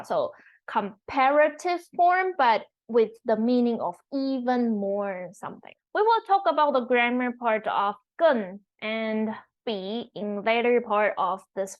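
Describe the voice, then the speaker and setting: A woman who teaches online, explaining tones slowly and carefully and repeating each example word. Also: a little high, lo-fi sound. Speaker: Mandarin teacher. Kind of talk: online language lesson.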